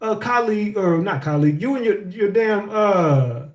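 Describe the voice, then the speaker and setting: A man's voice: high-pitched, animated, moderate pace. A man co-hosting a casual talk, ranting bluntly and profanely as he scolds. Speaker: co-host. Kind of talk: casual commentary. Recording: echoey room.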